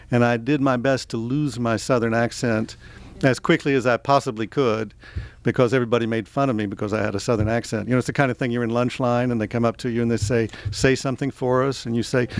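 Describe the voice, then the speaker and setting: Middle-aged male author, smooth resonant voice, dry close sound, chatty and self-deprecating at a bookstore reading. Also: mid-range voice, no room sound. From American South, Tennessee and Georgia. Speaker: author giving a book talk. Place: bookstore event space.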